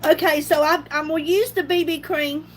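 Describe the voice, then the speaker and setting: A woman's voice: sits high, fairly even intonation, normal speed, a little hiss or hum. A middle-aged woman chatting casually on a makeup livestream, laughing often and greeting viewers by name. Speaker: beauty livestream host. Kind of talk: casual makeup live chat.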